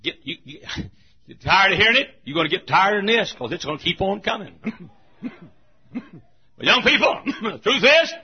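Husky man preaching in a church, high and wildly animated delivery that shouts then drops to a hush, dull lo-fi recording. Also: moderate pace, pauses often. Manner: emphatic preaching, swinging between shouts and hushed asides. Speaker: pastor. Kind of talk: sermon.

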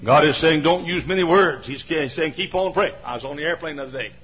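A man preaching a sermon, repeating his phrases, swinging from shouts down to a low murmur, and often coughing and clearing his throat. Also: fast talker. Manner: repetitive, builds to shouting, then drops to a low murmur. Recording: dull lo-fi recording with faint hiss.

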